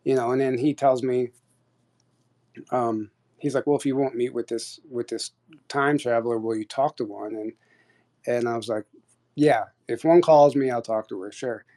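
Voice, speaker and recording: Guy rambling thru a crazy story on a voice chat, lots of "like", mid pitch. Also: moderate pace. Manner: rambling, animated, full of "like" and restarts. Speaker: guest storyteller on an audio chat. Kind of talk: casual storytelling.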